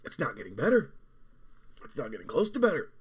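A man's voice: medium pitch, huge pitch swings, brisk, slightly rough. A man in his twenties chatting casually as a vlog host while suffering through a hot pepper. He is teary and burning, groaning, swearing and breaking off mid-sentence. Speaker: gaming channel host.

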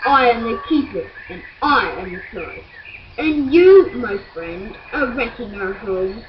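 A woman's voice: on the high side, animated, unhurried, dull audio, a little hiss or hum. A woman voicing a stern male forest guardian spirit in a storybook tale, speaking solemnly and pleading.

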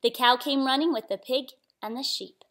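A woman's voice: sits high, normal speed, a bit bright. A woman hosting a children's story channel, reading a picture book aloud in a sing-song manner and asking the young listeners questions.

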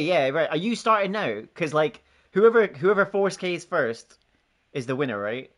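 A man's voice: a little high, expressive, normal speed. A man casually chatting on a gaming live stream, joking, swearing and laughing often as he banters with friends and chat.

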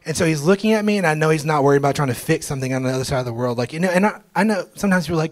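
A young man, a pastor, telling his testimony to a church congregation in a casual, slangy way, at times breaking into loud joyful shouts. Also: on the high side, lively intonation, very fast, few pauses. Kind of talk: testimony sermon. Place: church sanctuary.

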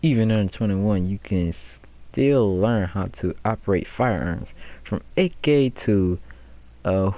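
A man's voice: low voice, slow, dark tone. A man streaming a video game, casually reading posters aloud and joking and laughing at them. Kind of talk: casual let's-play commentary.

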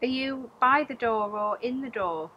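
A woman's voice: on the high side, normal speed, dull audio, slight background noise. A woman, a paranormal investigator, chatting casually and questioning spirits directly. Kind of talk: casual on-location chat.

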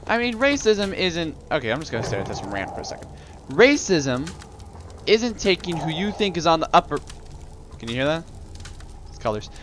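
A man's voice: medium pitch, sing-song, normal speed, fairly bright tone, slight background noise. A young man ranting and rambling while commentating on his video game play. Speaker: let's play gamer. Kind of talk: casual gameplay commentary.

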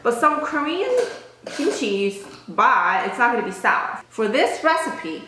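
A woman's voice: a little high, sing-song, unhurried, sharp tone. A woman hosting a casual home cooking vlog for her channel. She talks in a playful, chatty, self-mocking way and laughs often. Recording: very echoey room with clicking noise.

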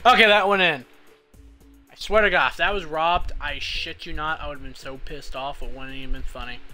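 A man's voice: fairly high pitch, moderate pace, over music. A young man streaming a pool game live, swearing and pleading with the balls as he plays. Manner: swearing, exasperated, talks to the game. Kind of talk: live gaming stream commentary.

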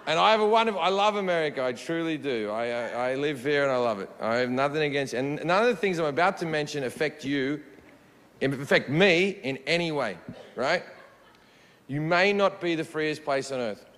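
A man in his forties with an Australian accent, doing a blunt, profane stand-up set in a deadpan way. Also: on the high side, moderate pace. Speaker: stand-up comedian. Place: comedy stage before an audience.

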